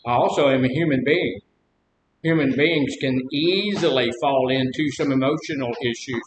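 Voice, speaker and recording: Man counselor talking in an echoey room. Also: normal speed. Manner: conversational, asks the group questions, tells personal stories with humor. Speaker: addiction counselor leading a recovery group. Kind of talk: informal group talk on recovery. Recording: echoey room with faint rumble.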